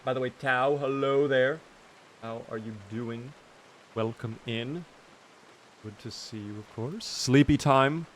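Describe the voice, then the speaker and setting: A man's voice: medium pitch, unhurried, long pauses, fairly bright tone, a little hiss or hum. A man streaming a game live, chatting casually, teasing his character and answering his chat.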